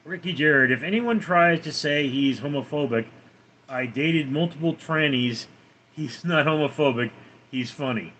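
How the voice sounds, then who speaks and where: A man's voice: fairly high pitch, a little slow, pushed and bright. A man live-streaming from home with his cats, reading viewer comments aloud and answering them offhandedly. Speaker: livestreamer reading chat. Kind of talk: casual live-stream chat.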